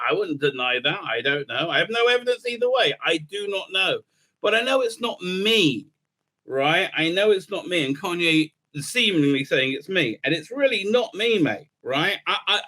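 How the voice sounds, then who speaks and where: A rabbi talking through a casual commentary monologue, rambling and sarcastic, breaking into laughter often. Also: male voice, sits high, bright, forceful tone.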